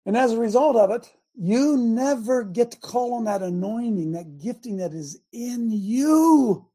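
A man's voice: extremely high pitch, expressive, measured pace, warm tone. A man in his sixties preaching a sermon in a folksy, impassioned way and repeating lines for emphasis. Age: 60s. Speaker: preacher and show host.

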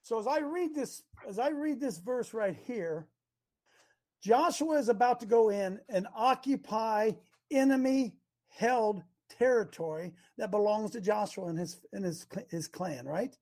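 A man preaching an interactive sermon, animated and quizzing his listeners, bursting into shouts to drive a point home. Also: high voice, measured pace. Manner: banters with and quizzes the congregation.

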